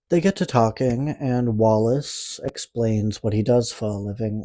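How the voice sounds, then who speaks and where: A man's voice: fairly low pitch, warm tone, no room sound. A man from Canada with a speech impediment, recapping a horror movie in a casual, rambling way, with sarcastic, profane asides. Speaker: movie reviewer.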